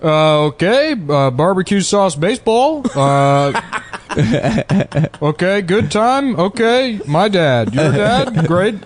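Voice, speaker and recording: A man's voice: sits high, sing-song, a little hiss or hum, voice pushed up, exaggerated voice. A man playing a male impersonator who babbles nonsense English in a stately cadence. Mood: goofy. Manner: halting, drawn-out, slow delivery.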